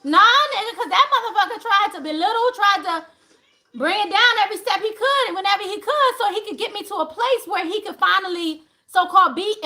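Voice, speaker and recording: A woman's voice: very high-pitched, bright, forceful tone. A woman hosting a livestream talk to viewers, emphatic and profane, laughing often as she preaches. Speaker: spiritual channel host.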